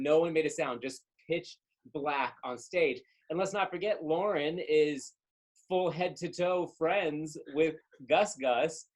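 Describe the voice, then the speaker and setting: A man, a stage performer, chatting as a podcast guest and telling rambling, animated tour stories. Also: fairly high pitch, poor audio. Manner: animated, rambling, trails off in asides. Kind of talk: casual storytelling chat.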